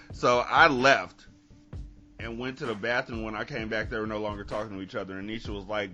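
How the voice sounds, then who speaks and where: A man hosting a podcast, telling a story in casual chat, animated and swearing, laughing between lines. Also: mid-range voice, a little fast, soft background music. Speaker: podcast host.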